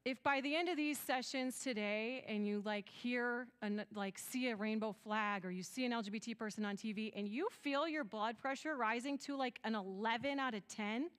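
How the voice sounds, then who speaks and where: Earnest high-voiced woman speaker. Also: normal speed, fairly bright tone. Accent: West Michigan. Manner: earnest, storytelling, quotes others in dialogue. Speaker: conference speaker. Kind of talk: conference talk.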